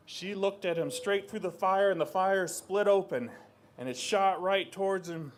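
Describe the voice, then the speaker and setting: A man telling a traditional story aloud with animated delivery, acting out voices and sound effects. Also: high voice, moderate pace, slight background noise. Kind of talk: live oral storytelling.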